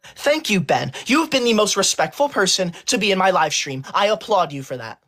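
A prim, rule-obsessed teacher's pet, played by a woman on a livestream, scolding in stiff, formal and deliberate sentences. Her voice sits at a middling height and swoops up and down with lively emphasis, and she takes offense easily. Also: mid-range voice. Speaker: livestream host. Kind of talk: comic role-play on a livestream.

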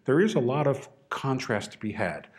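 A man's voice: medium pitch, big pitch swings, normal speed. A man teaching a trombone masterclass, coaching a student with short, encouraging cues and dry humor.

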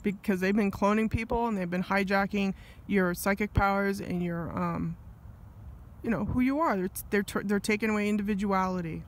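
A man's voice: high-pitched, steady tone, moderate pace. A man talking alone in an angry, rambling monologue, full of asides and restarts. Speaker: vlogger.

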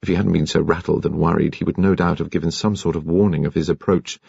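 A man reading an audiobook in a measured, expressive storytelling style. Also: low voice, gravelly, slightly rough, dry recording, lo-fi sound. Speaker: audiobook narrator. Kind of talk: scripted audiobook narration.

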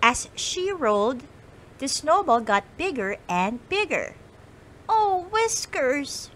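A bright-voiced woman reading a picture book to kids, taking her time and letting her pitch rise and fall a lot. Faint room ambience sits under her voice. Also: sing-song, slow, slight background noise, poor audio. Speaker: storyteller teacher. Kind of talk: read-aloud storytelling for kids.

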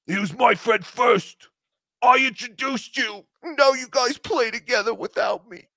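A man's voice: very high-pitched, measured pace, bright, forceful tone, dry recording, clean studio sound, voice pushed up, full character voice. A man putting on a Valley Girl impression of a whiny, jealous middle-aged man, petulant and sing-song. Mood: jealous pouting.

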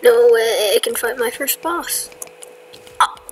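A woman with a higher voice talks slowly and casually through her gameplay, joking at her own mistakes and often slipping into a whisper. She sounds like she's at a desk microphone at home, with faint game sounds underneath her voice. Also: a little hiss or hum, low-quality recording. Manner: chatty, self-mocking, drifts into whispers. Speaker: gamer.

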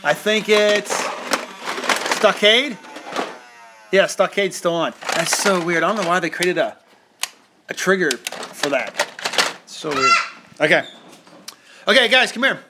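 A man in his thirties, a dad hosting a live family toy stream from home, chatting loosely with his kids and reading viewer comments fast, joking and tripping over his words. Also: high-pitched, expressive, very noisy. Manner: loose, joking, reads comments quickly and stumbles. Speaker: family channel host, dad. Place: home, indoors.

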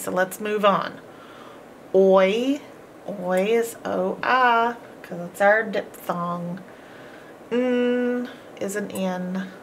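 A woman with a mid-range, slightly bright voice teaches a phonics lesson over faint background noise. She patiently sounds out each word slowly, then repeats it with encouragement in a deliberate way.

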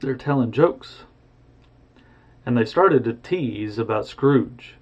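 A man's voice: mid-range voice, lively intonation, takes it slowly. A man retelling a story casually and expressively, with sound effects, on a dull lo-fi recording.

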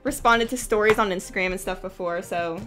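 A woman's voice: mid-range voice, fairly quick, a bit bright, faint music behind. A young woman with an American accent, chatting casually and gushing with lots of fillers while hosting a LEGO build livestream.

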